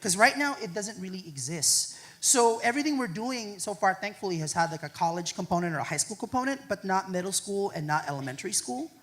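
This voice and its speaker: Animated man fielding audience questions. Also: high voice, a little fast, hardly any pauses. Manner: animated, joking, keeps adding "right?". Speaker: featured speaker answering audience questions. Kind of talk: public talk Q&A. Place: university lecture hall with audience.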